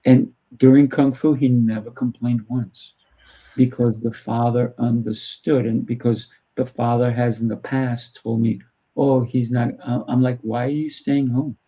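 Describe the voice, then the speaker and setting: Speaking a little slowly, a man with a warm, slightly rough medium-pitched voice and little pitch movement hosts an easygoing interview. He's a martial arts teacher who coaches firmly and dramatizes brief exchanges with kids. It's a low-quality recording.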